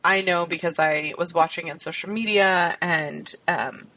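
A woman's voice: on the low side, steady tone, unhurried, pushed and bright, low-quality recording. A woman co-hosting a podcast in casual, playful chat. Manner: upbeat, playful, chatty. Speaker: podcast co-host.

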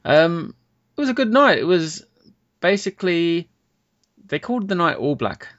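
A man's voice: fairly high pitch, very animated, normal speed, a bit bright. Cheeky man hosting a podcast. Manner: cheeky, sweary banter. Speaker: podcast host. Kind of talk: casual beer podcast chat. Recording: dull lo-fi podcast audio.

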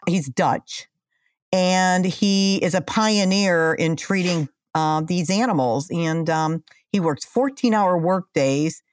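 A woman's voice: fairly low pitch, slow pace, dry recording, studio quality. A middle-aged woman co-hosting a casual podcast with her son, motherly, teasing and scolding. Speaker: podcast co-host, mother of the other host. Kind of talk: casual chat.

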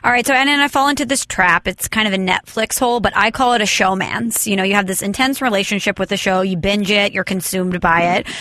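A woman's voice: medium pitch, quick pace, hardly any pauses, bright, forceful tone, dry recording. A woman hosting a podcast, chatting playfully and teasing her guest about movies. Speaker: podcast host. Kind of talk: casual podcast chat.

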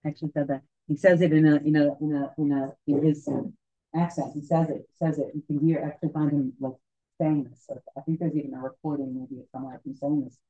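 A woman telling a story to a group, halting and full of fillers and restarts, as a tour guide. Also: low voice, level tone, dark tone. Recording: dull lo-fi recording.

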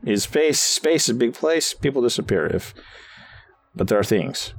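A man voicing a wary male space arms dealer who talks in halting broken English. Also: mid-range voice, expressive, faint music behind, pitched above the performer's own voice. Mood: grave.

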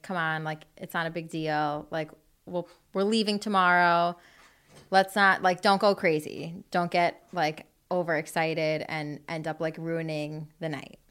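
Woman, lowish voice, chatty, filler-heavy, casual chat co-host. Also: sharp tone, clear, resonant tone.

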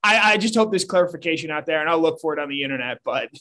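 A man's voice: fairly high pitch, expressive, racing, pushed and bright. A man co-hosting a casual sports talk show, analytical and prone to restarting his sentences. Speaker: sports podcast co-host.

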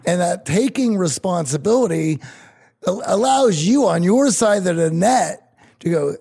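A man's voice: sits high, animated, a little slow, creaky, warm tone, breathy edge. A man co-hosting a podcast, reflecting at length on the guest's story, thinking aloud with restarts. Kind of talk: reflective interview commentary.

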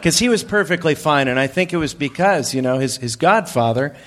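A man's voice: on the high side, lively intonation, brisk, a bit bright. A man in his thirties co-hosting a comedy podcast before a live audience, telling a story with many fillers and restarts. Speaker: podcast co-host. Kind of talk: casual comedic chat.

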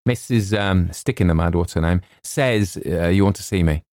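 A man's voice: low voice, moderate pace, a little mellow, dry recording, studio quality, natural voice. A man doing a clipped, blustering young writer. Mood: exasperated. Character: put-upon young male writer, gloomy then giddy.

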